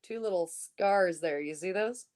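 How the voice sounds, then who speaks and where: A woman guest on a podcast, telling a story in casual chat, swearing often and talking in a lively, laughing way. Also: mid-range voice, a little slow.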